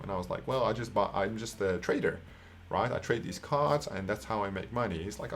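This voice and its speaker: A Dutch man in his twenties, an online coach from the Netherlands, tells a personal story casually and profanely, often ending sentences with "right?". His voice is lowish and a little fast, with a Dutch accent, and there's a slight hiss or hum.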